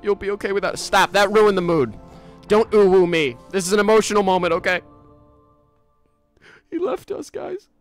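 A tearful young man with a put-on British accent, all gushing sobs and overwrought theatrics, as a gamer puts him on. The voice sits well above the man's own pitch and swells loud. Melodramatic and mournful throughout. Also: sing-song, fast, gravelly, few pauses, soft background music, heavily acted. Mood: melodramatic grief.

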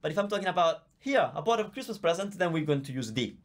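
A man's voice: fairly high pitch, expressive, fast. A man with an Italian accent, a native Italian teacher giving a live online Q&A lesson, explaining patiently and chatting as he reads out viewer comments on a visible microphone. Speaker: language teacher.

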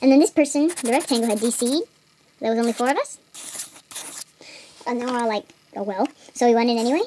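A woman's voice: on the high side, fast, long pauses, warm tone, a little hiss or hum. A teenage girl casually retelling an online game session while drawing, rambling with many fillers and restarts. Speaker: video maker retelling a game.

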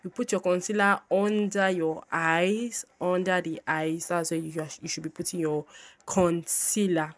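Brief: chatty woman host, low-pitched, bubbly and repetitive, casual tutorial talk. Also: steady tone, unhurried. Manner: chatty, bubbly, repeats herself often.

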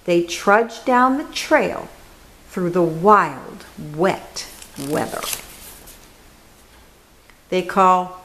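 A woman reading a children's picture book aloud, slow and expressive, dropping to a hush on key words. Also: fairly low pitch, rough recording.

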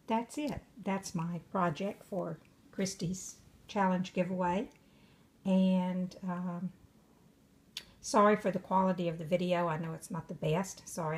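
Older woman, somewhat low voice, casual craft vlog, chatty, unhurried, frequent fillers. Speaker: craft vlogger. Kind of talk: casual craft show-and-tell. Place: away from her home craft room.

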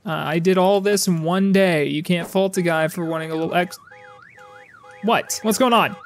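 A man giving sarcastic, profane commentary while playing a game, often yelling at the game characters. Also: high voice, normal speed. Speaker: gaming YouTuber. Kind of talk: casual gameplay commentary.

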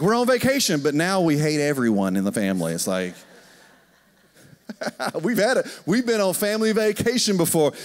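Pastor, fairly high voice, animated storytelling sermon, long hall reverb. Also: male voice. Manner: storytelling, animated, asks the congregation questions. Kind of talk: conversational sermon. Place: church sanctuary.

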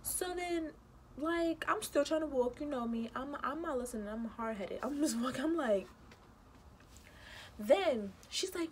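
Animated high-voiced young woman. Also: moderate pace, slight background noise. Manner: animated, indignant storytelling with quoted voices. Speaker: vlogger. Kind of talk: casual storytime.

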